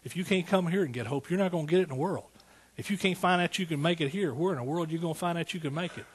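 Husky-voiced preacher in his sixties. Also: a little high, very fast. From East Texas. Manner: folksy, storytelling, rising to emphatic praise. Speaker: pastor. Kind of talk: sermon.

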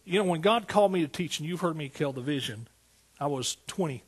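Older male pastor in his sixties, husky tone, pitched a bit high, folksy sermon delivery. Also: animated, brisk. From East Texas. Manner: folksy, storytelling, rising to emphatic praise.

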